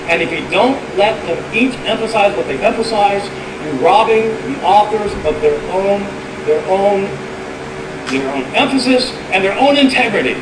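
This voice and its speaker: A man delivering a formal debate speech in an emphatic, lecturing manner. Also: sits high. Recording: distant, echoey, noisy archive clip.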